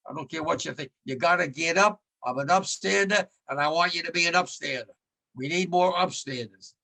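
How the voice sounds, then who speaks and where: A man's voice: a little high, fairly quick, gravelly, pushed and bright. A man in his nineties giving a blunt remembrance talk as a war veteran, repeating his points with rising force. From United States. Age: 90s.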